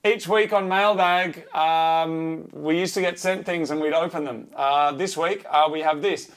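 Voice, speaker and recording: Aussie bloke cohosting a car show, bit higher voice, dry jokes, loads of ums. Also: male voice, steady tone, a little slow, a bit bright. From Australia. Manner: dry, joking, lots of uh and um fillers. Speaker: podcast co-host. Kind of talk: casual banter.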